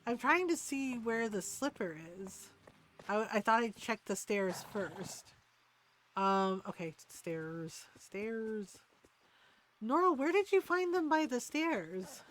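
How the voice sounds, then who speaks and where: A woman's voice: fairly high pitch, lively intonation, slow pace, fairly bright tone, slight background noise. Chatty woman streaming a life-sim game. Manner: chatty, rambling, trails off into ums. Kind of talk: casual chat while playing.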